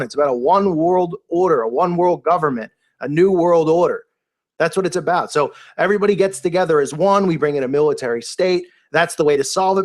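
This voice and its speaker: A man talking in a casual, unscripted monologue, rambling and incredulous, with many restarts and fillers. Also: on the high side. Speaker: video commentator.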